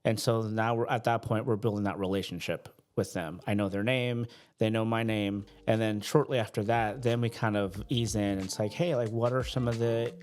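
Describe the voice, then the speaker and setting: A man's voice: lowish voice, steady tone, normal speed, hardly any pauses. A man who is a bank officer, a podcast guest, talking casually and patiently quizzing the hosts on words. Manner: patient, encouraging teacher quizzing with Spanish words.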